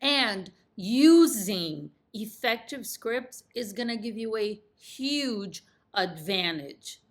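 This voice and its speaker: A woman coaching real estate agents in an emphatic, confident talk that drops in pitch at the end of each sentence. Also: lively intonation, slow pace. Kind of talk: instructional talk to camera.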